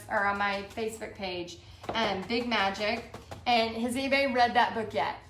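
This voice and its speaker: A woman's voice: fairly high pitch, fairly bright tone. A woman, hosting a live-streamed motivational talk for a paint party business, earnest and fired up, talking with lots of "you know" and "like". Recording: echoey room with faint background hum.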